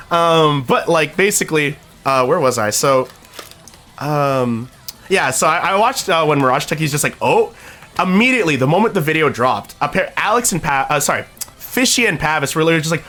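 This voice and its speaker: A man's voice: on the high side, normal speed. A young man streamer chatting casually and telling rambling stories, acting out what friends said. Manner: rambling, animated storytelling with voiced quotes.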